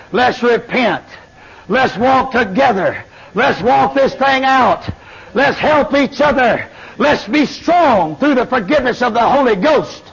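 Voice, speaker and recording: A man preaching a fiery sermon, swinging between shouted lines and low murmurs. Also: vocal fry, husky. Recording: dull lo-fi sermon recording.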